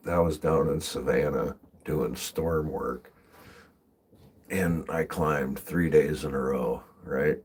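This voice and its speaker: A man's voice: very deep voice, very slow, pauses often, breathy edge. A man chatting casually on a livestream from his vehicle while driving, rambling and swearing freely, often laughing. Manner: rambling, profane, laughs a lot. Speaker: livestreamer and tree climber.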